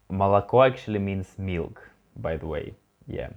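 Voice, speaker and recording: Low-voiced, slow, relaxed male language teacher. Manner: relaxed, rambling, many fillers and self-corrections; slow, drawn-out demonstration of words. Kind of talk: casual online lesson. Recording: dull lo-fi home recording.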